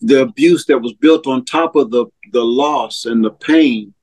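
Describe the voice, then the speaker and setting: A man's voice: mid-range voice, darkish tone. A man telling his personal testimony as an interview guest, earnest and heartfelt. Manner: earnest storyteller, slow and heartfelt. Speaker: interview guest, ministry co-founder.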